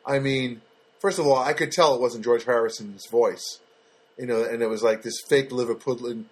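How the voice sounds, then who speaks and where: A man chats on his own podcast in a husky, slightly breathy voice. He rambles along loosely, stopping and restarting his sentences and filling the gaps with ums and uhs. It sounds like an easygoing talk recorded at home. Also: mid-range voice, steady tone, moderate pace. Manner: rambling, loose and chatty with many fillers and restarts. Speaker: podcast host. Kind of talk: casual solo podcast chat. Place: studio apartment.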